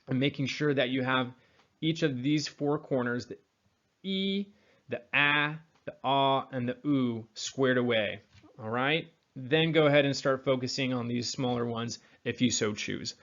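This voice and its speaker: A man's voice: mid-range voice, a bit bright. Man coaching pronunciation, slightly dull sound. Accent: General American. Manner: demonstrates sounds slowly, repeats words. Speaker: accent coach. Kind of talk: teaching pronunciation.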